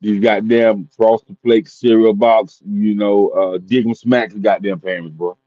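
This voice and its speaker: A man co-hosts a casual podcast chat and rants bluntly, swearing often. His voice sounds dull and dry, as if from a low-grade mic in a deadened space. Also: fairly even intonation, no room sound. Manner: blunt, swears often, quick ranting bursts. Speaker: podcast co-host.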